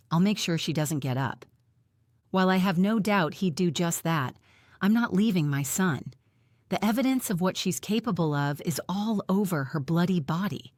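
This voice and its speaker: A woman reading a first-person audiobook in a tense, measured storytelling manner, close to the mic. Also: on the low side, darkish tone, dry recording. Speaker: audiobook narrator.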